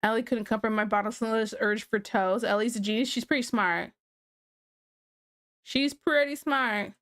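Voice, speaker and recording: A woman's voice: mid-range voice, fairly even intonation, brisk, fairly bright tone, dry recording, studio quality. A woman livestreaming and chatting casually with her viewers, talking in a scattered way and laughing often.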